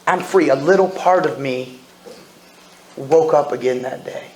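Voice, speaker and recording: Medium-pitched and a little slow, a man in his forties speaks at a recovery meeting. He tells his story candidly and jokes at his own expense, and the meeting room sounds echoey with faint ambience.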